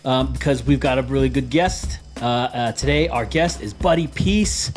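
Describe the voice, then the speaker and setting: A man's voice: mid-range voice, normal speed, faint music behind. A man hosting a podcast, talking casually and enthusiastically, rambling with fillers and laughs. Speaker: podcast host. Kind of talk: casual podcast intro and chat.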